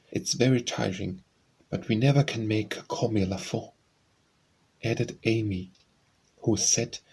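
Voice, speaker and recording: A man narrating a classic novel as an audiobook in a measured, even-toned way. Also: lowish voice, breathy edge, poor audio.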